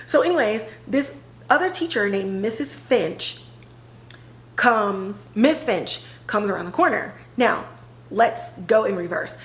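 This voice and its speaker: A woman podcast host retelling a TV episode in a casual, animated way, full of filler words. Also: medium pitch, unhurried, reverberant, rough recording. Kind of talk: casual storytelling recap.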